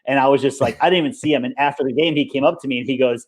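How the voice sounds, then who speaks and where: A man, a coach and former pro player, talking in a relaxed, conversational way in an interview and retelling moments with quoted dialogue. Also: medium pitch, very fast, slightly rough. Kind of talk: casual interview.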